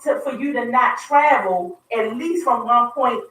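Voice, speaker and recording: A woman's voice: on the high side, measured pace, a bit bright, heavy reverb, recorded from a distance, rough recording. A woman with a Baltimore accent co-hosting a radio talk show, chatting emphatically and chiming in on the discussion. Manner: conversational, emphatic, interjecting.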